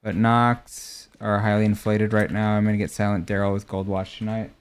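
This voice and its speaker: A young man talks casually through a game stream in a slightly low voice. He answers viewers' questions in a relaxed, chatty way. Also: moderate pace, smooth. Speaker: gaming streamer. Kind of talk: casual chat while showing game skins.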